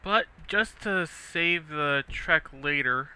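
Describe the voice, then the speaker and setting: Young dude rambling over his game, super bright clear voice, bit high. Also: slow. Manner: rambling, chatty, laughs often. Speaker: let's play host. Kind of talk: casual gameplay commentary.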